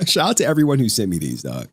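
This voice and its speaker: A man's voice: lowish voice, wildly swooping pitch, quick pace, slightly rough. Taunting, laughing male streamer. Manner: laughs often, profane, taunting; calls people "dog". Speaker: streamer commentator. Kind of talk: mocking live-stream commentary.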